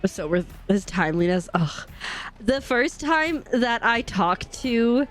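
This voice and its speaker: A woman's voice: on the high side, very animated, takes it slowly, faint music behind. A woman streamer chatting casually and giggling with her chat while she plays a game. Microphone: desk microphone.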